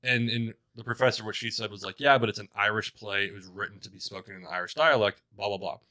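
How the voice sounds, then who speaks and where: Low, bright-toned rambling young man. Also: fast talker, no room sound. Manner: rambling, hesitant, many fillers and restarts. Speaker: podcast co-host. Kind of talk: casual chat.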